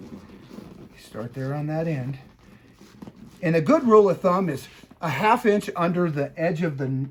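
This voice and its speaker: A man's voice: on the high side, a little hiss or hum. A man teaching boat seat upholstery as a hands-on demonstration, talking the viewer through each step and checking in with "okay?". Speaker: upholstery instructor.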